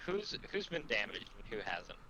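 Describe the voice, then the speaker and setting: A man player in a casual tabletop game session, talking in a relaxed, wry way. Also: medium pitch, moderate pace, a crowd in the background, low-quality recording.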